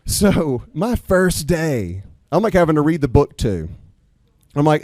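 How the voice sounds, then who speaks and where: Dark-voiced man telling a story. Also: fairly high pitch, a little slow, no room sound. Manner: animated, swears when quoting students, earnest at close. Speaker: storyteller, teacher and coach. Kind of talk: personal story told live on stage. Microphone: stage microphone.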